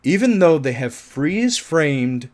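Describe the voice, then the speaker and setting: Speaking slowly in a voice on the high side, a man gives a casual film review full of animation and swearing. He laughs at his own points and turns loud at anything absurd.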